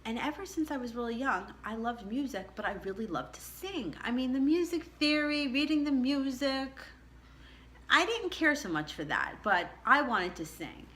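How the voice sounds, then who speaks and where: A woman's voice: lively intonation, normal speed, pushed and bright. A woman telling a personal childhood story in a chatty, reflective way, her voice jumping up on the words she stresses. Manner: chatty and reflective, pitch rising sharply on emphasis. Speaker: tarot channel host.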